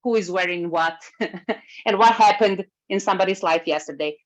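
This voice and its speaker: A woman giving a workshop talk over a video call, speaking in a lively way and moving as she talks. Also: lowish voice, moderate pace. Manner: lively, moves while speaking. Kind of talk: webinar talk. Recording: slightly muffled video call recording.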